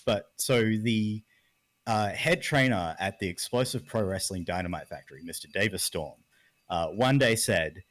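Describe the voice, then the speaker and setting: Casual Australian caster chatting loosely. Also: male voice, on the low side, moderate pace, a bit bright, dry recording. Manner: rambling, swears freely, lots of "like". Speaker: esports caster. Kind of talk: casual podcast chat.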